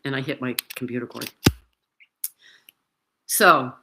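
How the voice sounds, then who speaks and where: Animated woman in her seventies. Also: a bass voice, slow pace, heavy background noise. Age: 70s. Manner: animated and emphatic, talks with her hands. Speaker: host sharing her personal story. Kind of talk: casual personal talk. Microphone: computer mic.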